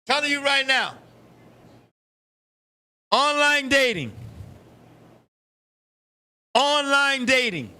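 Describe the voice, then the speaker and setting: A middle-aged man hosting a live talk show, telling stories in a loud, profane, animated way. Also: very high voice, very slow, long pauses. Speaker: show host. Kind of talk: live casual chat.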